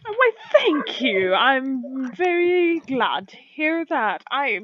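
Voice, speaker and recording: A woman's voice: high voice, very animated, drawn-out words, muffled recording, voice pushed up, exaggerated voice. A woman voicing an eager, flustered male shopkeeper who stammers to please. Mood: flattered.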